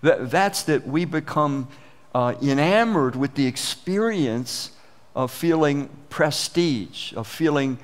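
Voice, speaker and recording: A man's voice: on the high side, lively intonation, slow. A man preaching a sermon as pastor, earnest and conversational, often restarting his phrases.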